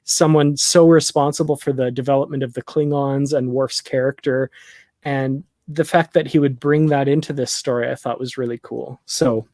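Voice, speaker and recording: A man's voice: medium pitch, steady tone, moderate pace, a little mellow, no room sound, clean studio sound. A man co-hosting a live discussion show, talking casually and rambling with lots of fillers. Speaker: podcast co-host. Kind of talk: casual chat.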